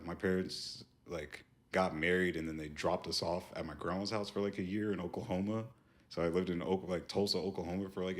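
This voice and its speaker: A man from Virginia in his thirties talks as a podcast guest, his voice sitting very low. He has a slight Southern accent and rambles loosely, tossing in "you know what I mean" again and again. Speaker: guest artist. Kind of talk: casual podcast chat.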